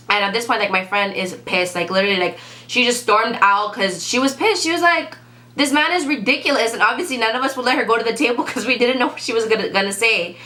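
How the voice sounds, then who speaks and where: A woman's voice: medium pitch, bright, forceful tone. A young woman telling a restaurant story in a casual vlog, chatty and full of "like". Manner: chatty, says "like" a lot. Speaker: vlogger.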